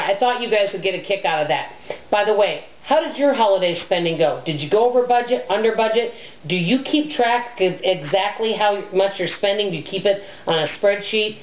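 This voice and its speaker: A middle-aged woman with a loud, abrasive voice, chatting to camera in a rambling, self-deprecating way as a personal finance vlogger. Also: medium pitch, lively intonation, fairly quick, slight background noise. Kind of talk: casual chat to camera. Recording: echoey room, dull lo-fi sound.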